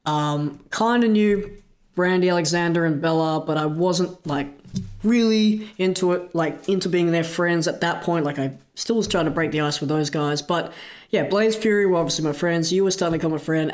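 A man casually recounting a story from his past, talking loosely with lots of likes and asides. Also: high voice. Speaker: wrestler recalling a story.

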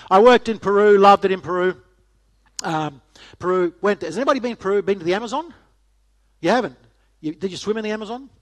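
A middle-aged guest speaker with a high voice talks quickly to a church audience. His casual talk is jokey and chatty, and he often puts questions to the crowd.

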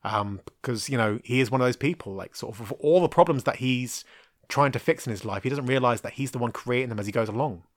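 Male podcast host, 30s, rambling chatty review, lots of ums, dry close sound, mid pitch. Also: fast talker, no room sound. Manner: rambling, frequent ums and restarts, frank with mild swearing. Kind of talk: casual solo podcast film review.

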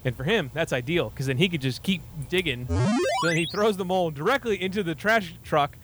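A young man with a somewhat high voice tells a movie plot in a loose, rambling comic style. He fills his talk with "you know" and slips into quick silly voices for the characters. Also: expressive, fairly bright tone, slight background noise. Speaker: podcast host recapping a movie. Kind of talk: casual comedic movie recap.

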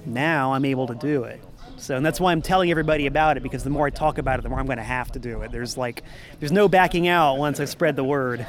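A man's voice: medium pitch, fast talker. A man, a musician and former record store owner, talking in a rambling, upbeat way in a casual interview in a parking lot. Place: parking lot outside a venue.

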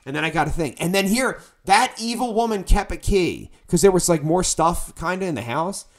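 A man tells a rambling story with lots of swearing, his pitch swinging widely as he goes. He sounds loose, casual and animated. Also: normal speed.

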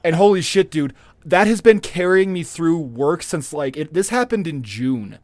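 A man co-hosting a podcast in casual chat, animated and swearing, slipping into mocking voices. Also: normal speed, no room sound. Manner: animated, swearing, mimics customers in a high voice. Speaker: podcast co-host.

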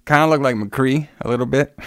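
A man's voice: mid-range voice, smooth, dry recording, studio quality. A man casually retelling a film's plot scene by scene, with many fillers and asides. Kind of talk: casual movie recap chat.

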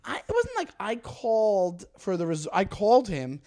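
High-voiced man telling a comic story. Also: normal speed. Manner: animated, acts out other people's lines. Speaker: podcast co-host.

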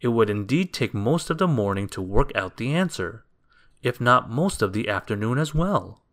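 A man reading a children's storybook aloud in a gentle, expressive, unhurried way. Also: medium pitch.

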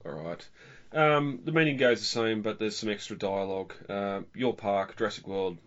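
Low-ish guy rambling on a podcast, kinda muffled lo-fi sound. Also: moderate pace, fairly bright tone. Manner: rambling, restarts, chuckles. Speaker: podcast co-host. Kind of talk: casual film discussion. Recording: dull lo-fi audio.

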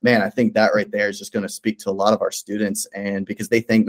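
A man's voice: on the low side, little pitch movement, fast, hardly any pauses. A man who is a pastor, speaking earnestly and encouragingly in a casual faith conversation, with many fillers and restarts.

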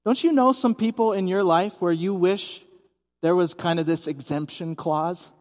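A man's voice: high voice, moderate pace, big-room sound. A man preaching a sermon as pastor, speaking conversationally and asking the congregation questions, at a church service in a gymnasium. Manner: conversational, asks the audience questions.

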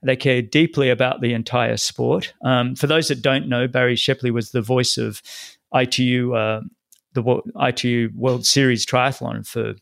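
A man's voice: medium pitch, fairly even intonation, moderate pace, vocal fry, a bit bright, no echo, studio quality. A middle-aged man hosting an interview podcast, talking earnestly and restarting his sentences often. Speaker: podcast host. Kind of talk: interview conversation.

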